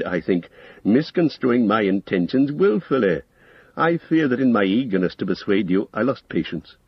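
Old male wizard, persuasive and proud, man doing the voice, husky tone, dry lo-fi audiobook. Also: medium pitch, dry recording. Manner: smooth coaxing, rising to lofty emphasis. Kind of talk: audiobook character reading.

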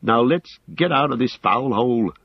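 A man voicing a loyal, eager male hobbit servant, talking breathless and excited. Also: medium pitch, moderate pace, vocal fry, husky, dry recording, lo-fi sound, voice pushed up. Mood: urgent.

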